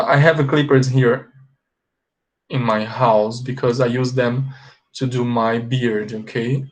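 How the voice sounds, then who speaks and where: A man with a Brazilian Portuguese accent, a native Portuguese speaker teaching an online English lesson, slowly repeating words for pronunciation and often checking in with "ok?". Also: medium pitch.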